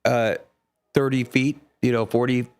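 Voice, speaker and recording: A man's voice: medium pitch, level tone, unhurried, smooth. A man co-hosting a morning radio show, talking into a studio microphone. He rambles through long stories and jokes, acting out the voices and laughing easily. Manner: rambling storyteller, laughs often, acts out voices. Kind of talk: casual on-air banter and joke telling.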